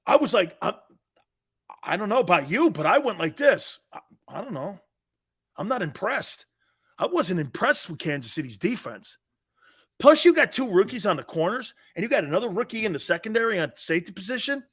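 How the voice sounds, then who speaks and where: A brash middle-aged man running a live sports talk show. His voice sits high and swings widely as he argues, mocking pundits. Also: big pitch swings, brisk, fairly bright tone, slightly rough. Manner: laughs at his own points.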